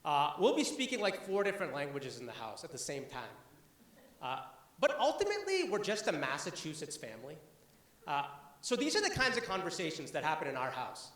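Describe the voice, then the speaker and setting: A man's voice: a little high, wildly swooping pitch, fairly quick, fairly bright tone, roomy sound. A young man from the Boston area performing a stand-up comedy set, talking conversationally with lots of "uh" fillers. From Boston area, USA. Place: comedy club stage before an audience.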